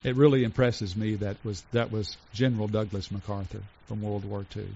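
A pastor preaching a sermon in an earnest way, slowing down to stress each item in a list and going soft for tender points. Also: male voice, fairly low pitch, level tone, creaky, husky. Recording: dull lo-fi recording.

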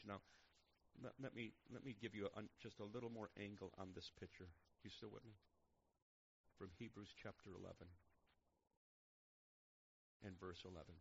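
A man preaching a sermon, dropping to a hush and then rising to loud, fervent preaching. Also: on the low side, fairly even intonation, moderate pace, gravelly, pauses often, lo-fi sound, a little hiss or hum. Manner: swings from hushed and intimate to loud, fervent preaching.

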